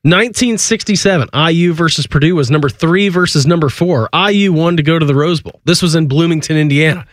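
A man's voice: on the high side, brisk, hardly any pauses, dry recording. A man in his thirties hosting a sports radio show in a studio, joking and laughing as he talks through a head cold. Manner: joking, animated, laughs often. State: congested from a cold. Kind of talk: casual sports radio banter. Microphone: studio microphone.

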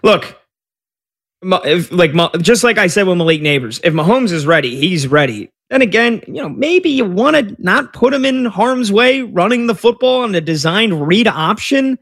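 A man hosts a relaxed sports talk show, chatting freely and reacting to a live game as it plays. His voice sits a little high, and he keeps the talk moving with questions and quick asides.

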